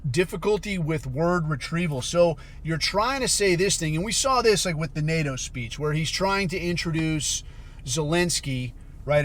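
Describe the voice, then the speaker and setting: A man's voice: a little high, a bit bright, slight background noise. A man hosting a podcast, ranting in a blunt, profane and sarcastic way. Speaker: podcast host. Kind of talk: casual commentary rant.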